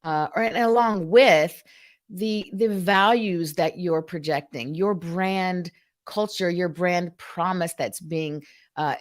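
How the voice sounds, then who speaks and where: A woman's voice: fairly low pitch, slow pace. An older woman from Georgia hosting a live-stream talk, speaking straight to viewers, acting out phone greetings and reading their comments aloud. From Columbus, Georgia. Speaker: host of a live customer experience show.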